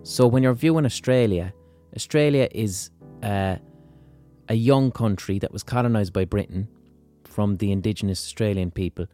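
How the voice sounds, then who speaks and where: A man's voice: fairly low pitch, normal speed, dark tone, soft background music. An Irish man hosting a podcast, explaining things in a blunt, casual, sweary monologue. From Limerick, Ireland. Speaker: podcast host.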